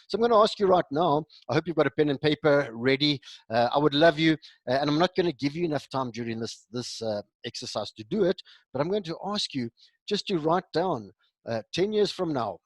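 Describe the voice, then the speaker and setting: A man's voice: medium pitch, dry recording. A man from South Africa giving a recorded motivational talk, enthusiastic and full of repeated rhetorical questions. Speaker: motivational speaker. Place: home during lockdown.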